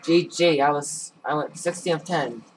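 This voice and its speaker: A man's voice: on the high side, moderate pace. A man giving casual gameplay commentary in a goofy, rambling, self-mocking way. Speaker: gaming YouTuber.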